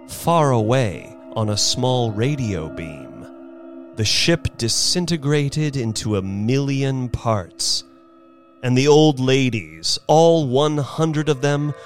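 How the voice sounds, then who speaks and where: Slow, expressive male storyteller. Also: mid-range voice. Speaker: narrator and performer. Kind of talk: dramatic audiobook reading.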